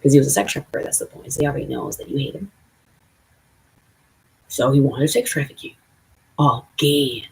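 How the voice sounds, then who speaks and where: A livestreamer from the Southern United States with a Southern accent, rambling in a profane, excitable way and jumping between topics, with a gravelly, raspy voice. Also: mid-range voice, fairly quick, pauses often, low-quality recording. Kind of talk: rambling live stream chat.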